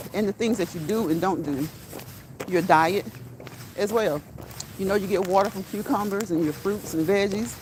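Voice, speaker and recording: A middle-aged woman chatting as she walks outside, laughing easily and repeating herself for emphasis. Steady outdoor noise runs under her voice. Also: mid-range voice. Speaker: vlogger. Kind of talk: casual walk-and-talk vlog. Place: outdoors on a walk.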